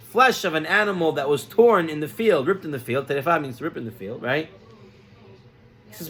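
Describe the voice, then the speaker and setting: A man giving a sermon as a rabbi, telling a story in a lively way and mixing in Hebrew terms. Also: a little high, moderate pace.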